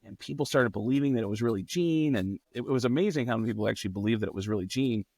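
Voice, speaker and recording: A man, a comedian guest, telling stories in a lively way and swearing freely. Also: medium pitch, very fast, dry recording. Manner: acts out quotes in raised voices, swears freely. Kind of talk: animated storytelling.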